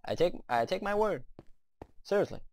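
A young man doing let's play commentary, excitable, talking to the creatures in his game and cursing now and then. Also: high voice, moderate pace, creaky, background noise. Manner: excitable, talks to the game's creatures, curses.

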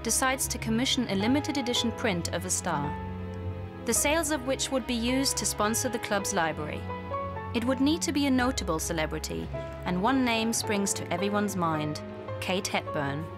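A woman reading documentary narration in an even, measured way. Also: fairly high pitch. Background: music score.

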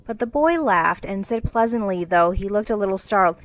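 A woman narrates a classic storybook for English learners. She reads in a clear, measured way at a middle pitch. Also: expressive, poor audio.

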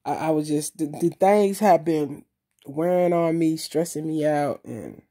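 Mellow-voiced woman in a loose, swearing vlog. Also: low-pitched. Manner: loose, emphatic street talk with frequent swearing; repeats herself and pauses with fillers. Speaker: vlogger. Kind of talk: casual video monologue.

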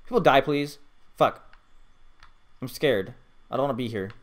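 A man giving live gameplay commentary, swearing constantly and swinging from low muttering to loud excited outbursts. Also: a little slow. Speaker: gamer.

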